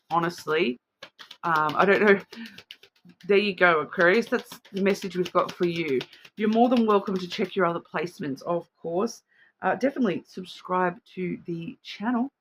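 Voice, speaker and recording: A woman's voice: fairly low pitch, a bit bright, slight background noise. A woman with an Australian accent giving a casual spoken card reading, chatty and rambling, often checking in with the listener. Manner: chatty, rambling, keeps checking in with "all right?". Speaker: card reader.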